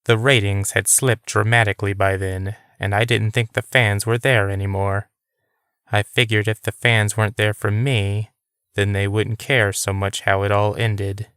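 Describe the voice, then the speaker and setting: A man reading the part of a weary older woman, a former TV writer, with a quiet, confiding manner. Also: on the low side, flat delivery, moderate pace, clear, resonant tone, no echo, clean studio sound.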